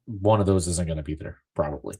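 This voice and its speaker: A man's voice: deep voice, fast, mellow, breathy edge. A man co-hosting a casual podcast chat, laid-back, tossing in dry, wry remarks. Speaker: podcast co-host.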